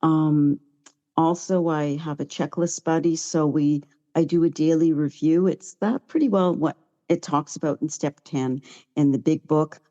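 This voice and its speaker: Low-voiced woman telling her recovery story over a video call, heartfelt, a bit teary, kinda muffled sound. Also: steady tone, unhurried, mellow. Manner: chatty and heartfelt, close to tears at times. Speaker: guest speaker at a recovery meeting. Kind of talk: personal recovery share.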